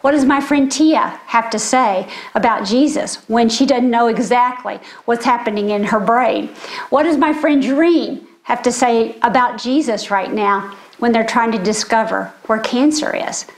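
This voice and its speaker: A woman's voice: on the high side, normal speed. An older woman with grandchildren, giving a sermon in an earnest storytelling way. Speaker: speaker.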